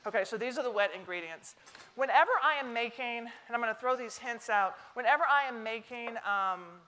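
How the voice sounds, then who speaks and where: A woman's voice: a little high, fairly quick, bright, forceful tone. A middle-aged woman with a Southern American accent, giving a chatty, joking cooking demonstration to a live audience. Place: stage kitchen before a live audience.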